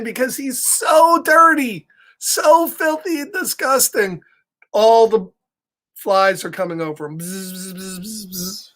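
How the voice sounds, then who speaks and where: A man's voice: very high-pitched, a bit bright. A man reading a picture book aloud to children, playful and chuckling as he talks to his young listeners. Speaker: children's storyteller.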